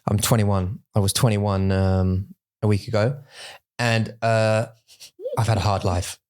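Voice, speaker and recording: Pria yang bercerita dengan hidup. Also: male voice, lowish voice, a little slow, clear, resonant tone. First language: English. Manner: animated storytelling, acts out voices for effect. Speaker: podcast co-host. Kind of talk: casual bilingual chat.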